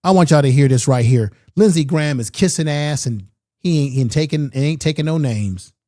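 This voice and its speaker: A man's voice: on the high side, brisk, mellow. A man giving opinionated political commentary with emphatic delivery and repeated rhetorical questions.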